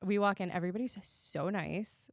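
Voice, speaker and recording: A woman co-hosting a podcast who tells a personal story in casual chat, animated and candid and swearing freely. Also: mid-range voice, moderate pace, gravelly, no echo, studio quality. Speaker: podcast co-host.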